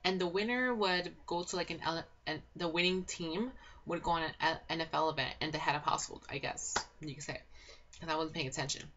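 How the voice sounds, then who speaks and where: A young woman giving a casual, gossipy reality show recap, excitable and swearing a lot, with constant filler words. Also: low-pitched, fairly quick, a little hiss or hum. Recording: dull lo-fi home recording.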